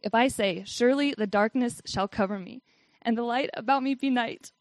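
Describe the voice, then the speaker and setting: A woman's voice: a little high, fairly even intonation, normal speed, no room sound. A woman giving a casual devotional talk and reading Bible verses, who says "like" a lot and laughs often. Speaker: Bible study speaker.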